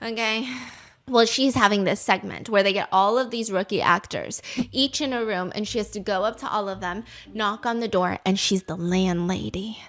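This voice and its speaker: A woman hosting a podcast, telling a story in an animated, casual chat, often laughing as she goes. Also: mid-range voice, moderate pace. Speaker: podcast host.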